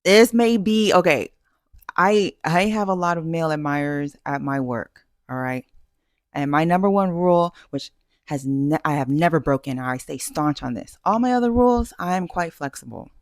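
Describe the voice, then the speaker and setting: A woman's voice: sits low, expressive, moderate pace, dry recording, clean studio sound. A woman vlogger giving dating advice in a casual, self-assured way, emphatic and full of fillers and restarts. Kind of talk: casual talking-head advice.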